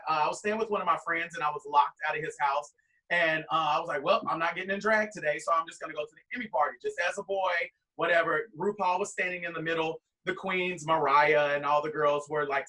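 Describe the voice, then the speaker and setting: Bright high-voiced man telling a story. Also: distant mic, poor audio. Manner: rambling anecdote with quoted voices. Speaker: guest drag performer. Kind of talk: animated storytelling.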